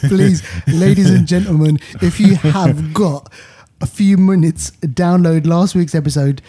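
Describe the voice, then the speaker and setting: A man's voice: sits high, steady tone, a little slow, mellow, slightly rough. A man co-hosting a film podcast in casual chat, with dry, teasing banter. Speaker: podcast co-host. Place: London.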